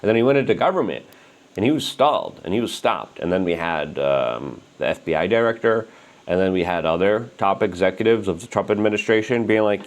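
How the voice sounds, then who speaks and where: A man hosting a political commentary show, animated and indignant, talking with strong emphasis. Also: sits low, fairly quick. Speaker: host.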